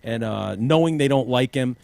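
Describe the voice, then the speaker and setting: A man's voice: medium pitch, moderate pace, vocal fry, a little mellow. A man hosting a podcast, talking politics in a loose, mocking way with plenty of swearing. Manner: loose, profane, mocking impressions. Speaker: podcast host. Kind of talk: casual political chat.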